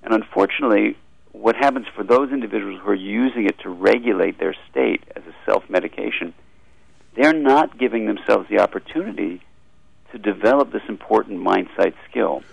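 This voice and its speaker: A middle-aged psychiatrist is a radio interview guest. His voice is very low, with heavy gravel and a husky edge. He explains his ideas fluently and in a measured way. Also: no echo, muffled recording.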